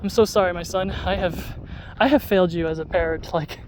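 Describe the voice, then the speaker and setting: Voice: mid-range voice, a little fast, slight background noise. An adult vlogger talking casually to the camera while out on a dog walk, rambling with lots of fillers and restarts. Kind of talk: casual vlog talk to camera.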